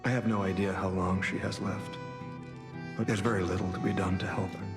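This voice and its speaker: An actor playing a solemn, worried male ally in a game, speaking in a measured way. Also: deep voice, little pitch movement. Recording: game audio with long reverb and music.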